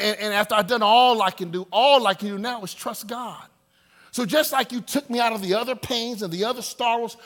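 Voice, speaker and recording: A male pastor preaching with a high, bright voice. He swings from loud, ringing declarations to hushed, near-whispered lines, and acts out prayers in quoted voices. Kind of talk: sermon.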